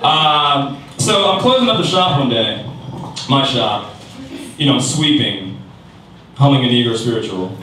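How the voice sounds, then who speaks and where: A male stand-up comedian working a club crowd. His pitch leaps high for the punchlines and swoops all over. The mic sits far off in a very echoey room, with audience noise under him. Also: animated, measured pace, pauses often, bright, forceful tone.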